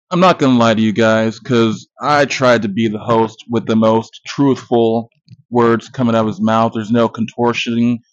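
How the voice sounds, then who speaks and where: In a dull, dry, lo-fi recording with no room sound, a podcast host in his thirties speaks at medium pitch. His movie review monologue is casual, profane, joking, and boastful.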